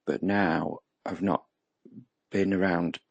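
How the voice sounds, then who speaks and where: English guy, middle-aged, deep husky voice, slow rambling talker, dry close sound. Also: steady tone, no echo, lo-fi sound. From England. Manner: reflective, rambling with many ums. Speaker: roundtable participant. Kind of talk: casual chat.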